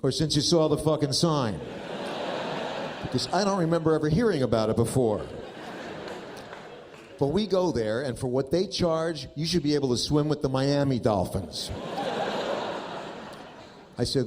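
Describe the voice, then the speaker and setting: This fifties-aged comedian speaks expressively at a moderate pace, his voice a little high, leaving long pauses. Onstage he tells exasperated, foul-mouthed stories, captured in a noisy live recording.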